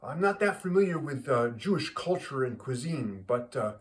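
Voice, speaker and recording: A man voicing a naive, plainspoken male president with a high, eager way of asking. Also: sing-song, moderate pace, lightly acted.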